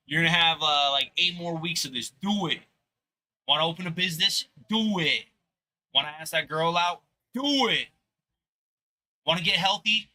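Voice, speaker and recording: A man doing live commentary on a pool match from a booth in a sports bar, talking in an animated, rambling way that slips into motivational rants. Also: fairly high pitch, normal speed, long pauses, dry recording. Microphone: booth microphone.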